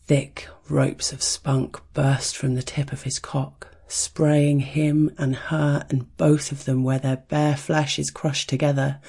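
A narrator with a mellow, breathy voice reads a scripted story in a hushed, unhurried way. The delivery stays even and rhythmic, sometimes sinking into soft whispers. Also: medium pitch.

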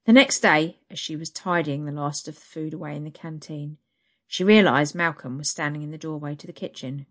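A woman storyteller reading an adult story aloud in a slow, intimate way. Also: sits low, steady tone.

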